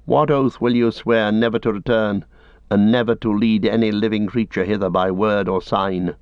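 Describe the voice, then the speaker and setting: A man voicing a grave, just captain who speaks in a measured, formal and commanding way. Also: lowish voice, steady tone, a little mellow, clear, resonant tone, no room sound, close to an everyday voice. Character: stern noble male captain, grave and just. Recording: dry, slightly dull audiobook recording.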